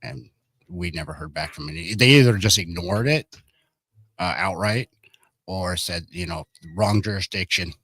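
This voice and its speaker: A man's voice: low-pitched, animated, moderate pace, long pauses, fairly bright tone, breathy edge, no echo, clean studio sound. A man being interviewed as a guest, speaking in a blunt, plainspoken way. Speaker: county board applicant, guest. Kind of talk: casual interview talk.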